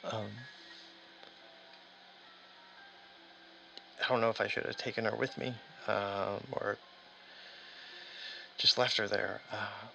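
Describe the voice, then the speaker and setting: A man voicing a lost, exhausted long-haul trucker calling his dad in a solo tabletop game, talking in a halting, stammering way with nervous laughs. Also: on the low side, flat delivery, gravelly, sharp tone, a little hiss or hum, exaggerated voice, rough recording. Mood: shaken, haunted. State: exhausted and aching. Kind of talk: first-person in-character monologue.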